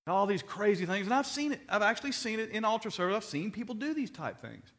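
Earnest preacher man, fairly high voice. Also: sing-song, fast talker, a bit bright. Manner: earnest storytelling with many repeated words. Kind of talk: sermon.

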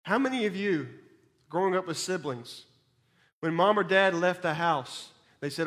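A man preaching a sermon in an emphatic way, swinging between loud and soft and repeating words when he stumbles. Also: high-pitched, animated, moderate pace.

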